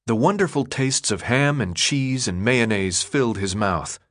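A man narrating an audiobook in an expressive, dramatic storytelling manner. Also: medium pitch, a little slow. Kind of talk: scripted narration.

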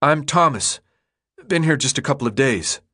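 A man's voice: mid-range voice, expressive, normal speed, pushed and bright, slightly rough, pitched above the performer's own voice. A man voicing a new, uncertain teenage boy who asks earnest questions.

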